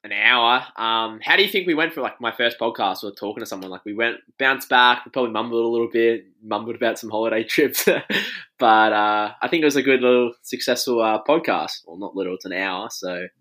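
A man's voice: medium pitch, a little fast, bright, forceful tone. A young Australian man in his twenties hosting a podcast in casual chat, loose, laughing and swearing often. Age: 20s. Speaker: podcast host.

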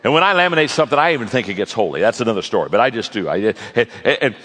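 A man's voice: mid-range voice, lively intonation, rapid-fire, fairly bright tone, breathy edge. A man preaching a sermon in a folksy, joking storytelling manner to a large audience. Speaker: pastor, guest speaker. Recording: long reverb of a large hall.

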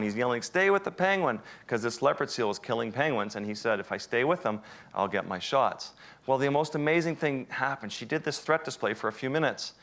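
A wildlife photographer giving an animated, self-deprecating storytelling talk to an audience. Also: male voice, mid-range voice. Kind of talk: storytelling presentation.

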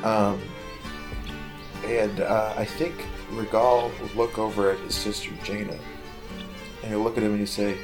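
A man's voice: lowish voice, little pitch movement, a little slow, pauses often, music in the background. A man playing a tabletop game, describing his characters hesitantly with many fillers. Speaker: player.

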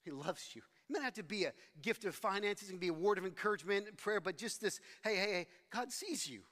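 High-voiced male pastor preaching in a hall. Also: quick pace, fairly bright tone. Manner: conversational, self-deprecating storytelling with frequent restarts. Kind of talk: sermon.

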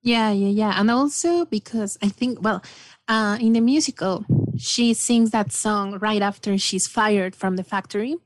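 A woman's voice: medium pitch, unhurried, no room sound. Woman gushing about a movie on a podcast, lots of "you know", dead dry mic. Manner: enthusiastic, rambling with fillers. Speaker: podcast guest. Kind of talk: casual film discussion.

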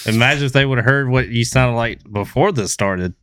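A man's voice: medium pitch, brisk, a bit bright, clear, resonant tone, no room sound, studio quality, faint music behind. A man co-hosting a casual podcast chat, trading jokes and teasing banter. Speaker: podcast co-host.

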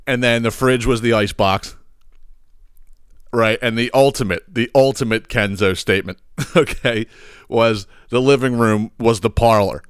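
A man's voice: mid-range voice, moderate pace, clear, resonant tone, dry recording, studio quality. A man, hosting a comedic solo rant, swearing and exasperated. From Philadelphia area. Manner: profane, exasperated ranting with chuckles. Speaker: podcast host.

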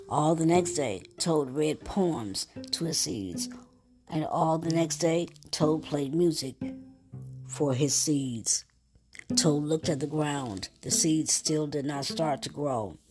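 A woman with a low, unhurried voice reads a children's story and preaches informally between passages. She talks in a folksy way and calls the listener "baby", while plucked guitar music plays clearly underneath. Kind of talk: bedtime story reading and informal sermon.

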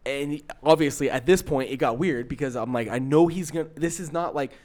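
A young man hosts a podcast, telling a story in a loose, animated ramble. He sounds exasperated, packs in fillers and restarts, and talks at an everyday middle pitch. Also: brisk. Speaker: podcast co-host. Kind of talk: casual storytelling.

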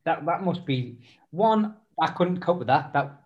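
A man's voice: on the high side, lively intonation, unhurried. A man hosting a podcast, chatting in a rambling, self-deprecating way. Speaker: podcast host. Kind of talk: casual chat. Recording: dull lo-fi sound.

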